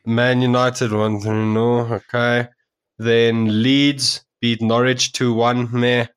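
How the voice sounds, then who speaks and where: Brief: mid-pitched man, podcast host, playful mock-formal links. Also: little pitch movement, takes it slowly, smooth. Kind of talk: casual chat.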